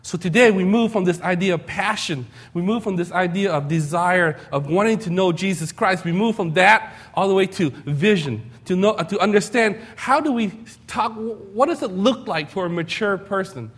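Male pastor, slightly higher voice, relaxed storytelling sermon, rhetorical questions, self-mocking humor. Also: normal speed, few pauses, slightly rough.

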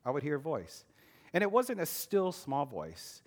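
Earnest higher-voiced male preacher. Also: wildly swooping pitch. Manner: earnest, emphatic, slows and drops low on key words. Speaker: pastor. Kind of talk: sermon with personal testimony.

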